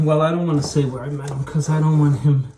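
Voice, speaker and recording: A man's voice: fairly high pitch, a little hiss or hum. A middle-aged man who hangs wallpaper, telling chatty stories in a casual way while he works. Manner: slow, animated, chatty anecdotes. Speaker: wallpaper hanger. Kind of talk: casual storytelling while working.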